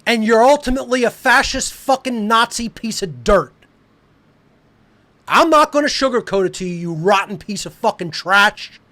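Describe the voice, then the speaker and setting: A male podcast host delivering an angry, profane monologue, hurling repeated insults and shouting at times. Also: high voice, expressive, moderate pace.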